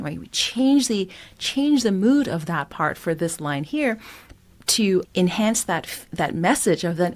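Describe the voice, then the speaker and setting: A woman's voice: fairly low pitch, lively intonation, moderate pace. A woman singing coach explaining vocal technique with enthusiasm and breaking into sung examples. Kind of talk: vocal lesson with sung demonstrations.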